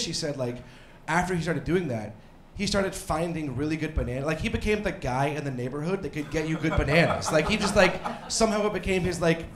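Male stand-up comic, 30s, rambling and self-mocking, yells for laughs; roomy club sound, faint ambience. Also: on the high side, slight background noise. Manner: rambling, self-deprecating, bursts into mock yelling. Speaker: stand-up comedian. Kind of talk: stand-up comedy set. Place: comedy club stage.

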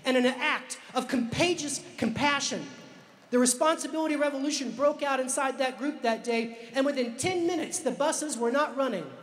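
A man's voice: extremely high pitch, fairly bright tone. Dramatic male storyteller in an echoey hall. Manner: dramatic storyteller, slows down for emphasis. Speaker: author and speaker. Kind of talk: storytelling talk to a live audience. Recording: echoey hall with long reverb.

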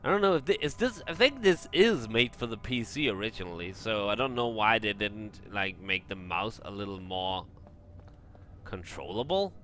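A man's voice: on the low side, expressive, moderate pace, sharp tone. A young man commentating his own gameplay, getting frustrated and exasperated, with some swearing. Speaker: let's play gamer. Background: game music.

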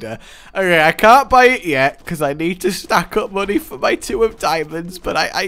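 A man giving casual let's-play commentary, excitable and gleeful, laughing often. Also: high-pitched, moderate pace. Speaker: gaming commentator.

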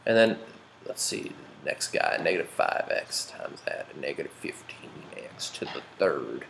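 A man's voice: a bass voice, very animated, a little slow, gravelly, fairly bright tone, a little hiss or hum. A man teaching a math class, joking and quizzing his students as he works problems. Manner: playful, jokey, asks the class questions. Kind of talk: classroom lecture.

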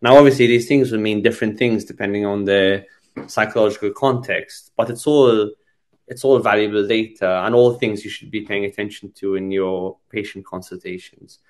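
A man's voice: fairly low pitch, steady tone, moderate pace. A man giving a conversational teaching talk on medical communication, thoughtful, with frequent restarts and repeated words. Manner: thoughtful, many restarts and repetitions. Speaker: psychiatry lecturer.

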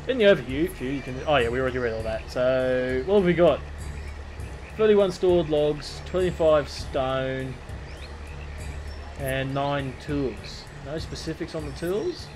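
A man's voice: a little high, a little mellow, slight background noise. An Australian man rambling through a game tutorial in casual commentary, reading the on-screen text aloud and swearing now and then. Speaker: gameplay commentator. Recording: music playing under the voice.

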